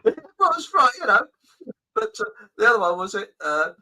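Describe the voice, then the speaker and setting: Bright-voiced English man, chuckling host. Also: high voice, very animated, normal speed, rough recording. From England. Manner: chuckling, rambling storyteller with frequent restarts. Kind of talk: casual chat.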